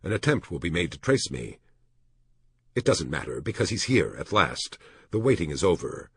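A man's voice: low-pitched, big pitch swings, moderate pace, fairly bright tone, husky, no room sound, studio quality, exaggerated voice. A man voicing an anxious man musing worriedly to himself.

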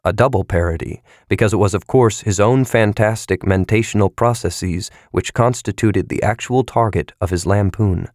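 A man reading a novel aloud as narrator, in a measured, even storytelling manner. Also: lowish voice, no room sound, studio quality. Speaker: audiobook narrator. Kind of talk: scripted narration.

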